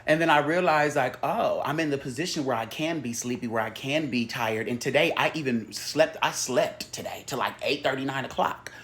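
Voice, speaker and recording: A man hosting a spiritual healing show, talking in a casual, animated, profane and playful way. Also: mid-range voice, moderate pace, hardly any pauses. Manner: animated, profane and playful, acting out quoted voices.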